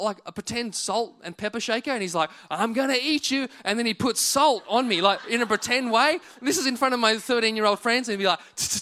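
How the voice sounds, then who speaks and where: A man preaching a church sermon, telling stories vividly and then urging listeners on in earnest. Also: high voice. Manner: animated storytelling that builds to earnest exhortation. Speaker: pastor. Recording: church service recording.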